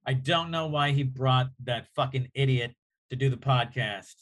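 A man, a comedian guest on a podcast, telling an animated, profane anecdote in casual chat. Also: medium pitch, normal speed.

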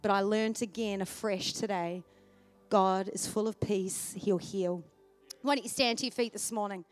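A woman preacher telling a personal story in a sermon, swinging from loud, excited passages to hushed, tender ones. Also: mid-range voice, moderate pace, faint music behind. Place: church service.

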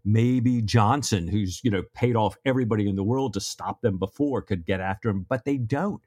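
A man's voice: lowish voice, moderate pace, a little mellow, no echo, studio quality. A man co-hosting a casual book discussion podcast, loosely retelling scenes with stammering restarts. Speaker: podcast co-host.

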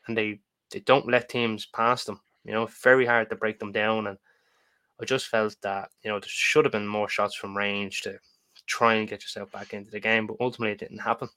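Bright sharp voiced pod guy, chatty, stammers a bit getting going. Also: on the low side. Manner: chatty, stammering starts, acts out fan reactions. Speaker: podcast co-host. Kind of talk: casual football chat.

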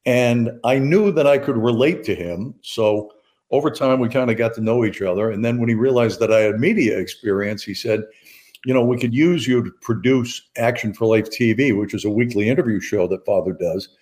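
A man with a faint Maine accent and a polished former-radio delivery. He talks in an easygoing, self-deprecating way at a medium pitch. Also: brisk, darkish tone. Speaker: guest, charity president. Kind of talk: casual interview.

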